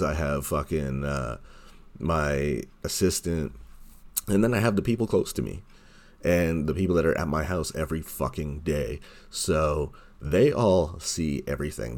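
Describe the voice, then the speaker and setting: A man's voice: a bass voice, a little mellow. A man hosting his own podcast, delivering a heated, sarcastic monologue full of swearing and mocking quotes. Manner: heated, sarcastic, heavy swearing, mocks others in quoted voices. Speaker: podcast host. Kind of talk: profane ranting monologue.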